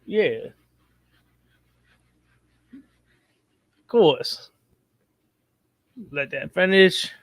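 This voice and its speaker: A man's voice: high-pitched, lively intonation, very slow, pauses often, a bit bright, no echo. A man co-hosting a podcast who gives blunt, slangy opinions on wrestling. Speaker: podcast co-host. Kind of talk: casual wrestling chat.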